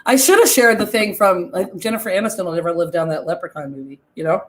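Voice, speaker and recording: A woman's voice: fairly low pitch, quick pace, few pauses. A woman hosting a casual livestream, reading a folk story aloud and breaking off with self-deprecating asides to her viewers. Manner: reads aloud with frequent off-script comments. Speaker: host.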